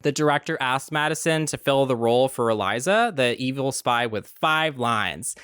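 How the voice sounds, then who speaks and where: A man recapping a cartoon movie in a sarcastic, deadpan commentary style. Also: medium pitch, normal speed, clean tone, no echo. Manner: dry, snarky, deadpan asides. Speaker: YouTube commentator.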